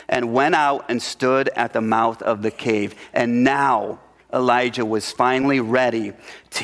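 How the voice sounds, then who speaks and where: A middle-aged man preaches, his gravelly voice carrying a long reverb through the hall. He pushes hard on some lines, then falls to a near whisper to draw the room in. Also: mid-range voice. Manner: swings from loud emphatic lines to hushed whispers. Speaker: pastor. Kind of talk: sermon.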